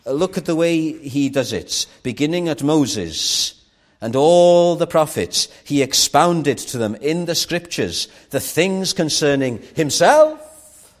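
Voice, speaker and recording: A man's voice: fairly high pitch, big pitch swings, slow pace. A man preaching a sermon at an evening church meeting, earnest and rising to fervent emphasis.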